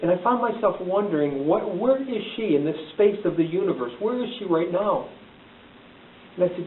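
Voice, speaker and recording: A man's voice: high voice, lively intonation, moderate pace. A middle-aged man giving a heartfelt motivational talk, telling a personal story in an earnest, emphatic way. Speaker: motivational speaker. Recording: echoey, distant, tinny, hissy recording.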